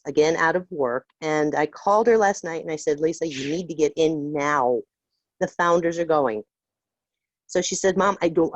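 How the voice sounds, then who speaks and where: A woman's voice: low voice, no room sound. An older woman, a grandmother, calling in to a group call and speaking in a heartfelt, earnest way. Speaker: caller. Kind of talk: casual group call talk. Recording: dull lo-fi call audio.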